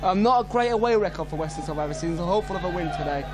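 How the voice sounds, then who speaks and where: Fast-talking high-voiced male pundit. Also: animated, over music. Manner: quick, hesitant opinions with many ums. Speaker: co-commentator. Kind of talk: match analysis on club radio. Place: outdoor football stadium.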